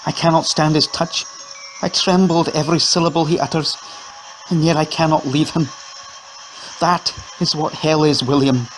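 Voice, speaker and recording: A man reading an audio story, voicing a downtrodden, haunted wife who speaks in a measured, grave and despairing way. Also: fairly low pitch, steady tone, slight background noise, close to an everyday voice, low-quality recording. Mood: bitter, despairing.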